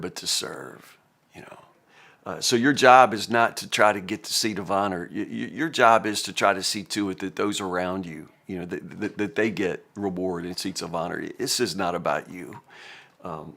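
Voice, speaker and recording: A man's voice: fairly low pitch, gravelly, fairly bright tone. A man giving a casual Bible devotional talk in a folksy, conversational way, stumbling over repeated words and acting out quotes.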